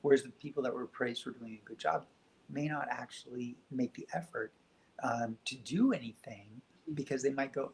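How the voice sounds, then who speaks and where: A man speaking as a guest on a spiritual talk show, telling stories in a gentle, reflective way. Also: medium pitch, normal speed, creaky, poor audio.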